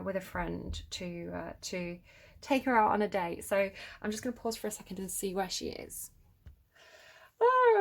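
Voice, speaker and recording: A middle-aged woman giving a casual tarot reading, encouraging and thinking aloud with many fillers as she turns cards. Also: mid-range voice. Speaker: tarot reader.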